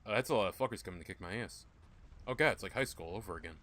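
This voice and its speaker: A man's voice: on the low side, very fast, background noise. A young man giving rambling, joking, profane commentary while playing a video game. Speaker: gaming YouTuber. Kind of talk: casual gameplay commentary.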